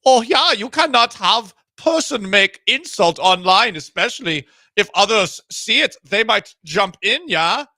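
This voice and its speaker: A man's voice: sits high, expressive, measured pace, hardly any pauses, pushed and bright, no room sound, pitched above the performer's own voice, full character voice. A man putting on a cartoonish, menacing German official with a thick mock accent and stilted broken English. The voice sits well above his own, harsh and cutting. It is recorded dry in a talk radio studio.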